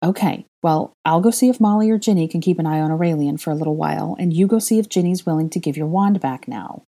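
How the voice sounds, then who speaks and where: A woman's voice: low-pitched, quick pace, warm tone. A woman voicing an earnest, bossy young witch who talks urgently and insistently.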